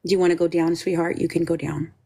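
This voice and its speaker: A woman's voice: lowish voice, flat delivery, fast, warm tone, breathy edge. A woman hosting a live stream who speaks in an agitated, swearing way, her voice tight with anger. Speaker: livestream host. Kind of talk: live-stream talk to chat.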